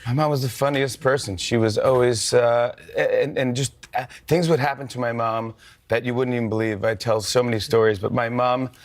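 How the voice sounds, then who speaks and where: A man's voice: mid-range voice, fairly even intonation, moderate pace. A man in his forties chatting as a guest, telling anecdotes with laughter and putting on voices. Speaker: talk show guest. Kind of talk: casual storytelling chat.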